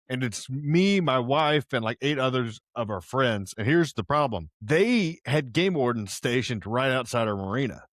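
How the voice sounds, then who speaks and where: A man's voice: mid-range voice, fairly bright tone, no echo, studio quality. A young man from Houston, casually telling a rambling, slang-filled story as a podcast host, wearing headphones. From Houston, Texas. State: partly deaf in one ear, wearing headphones. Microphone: headphones on, close mic.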